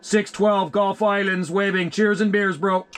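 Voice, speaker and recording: A man working a CB radio, calling out call signs in a relaxed, friendly way. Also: high-pitched, measured pace. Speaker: CB radio operator. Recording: loud radio static hiss.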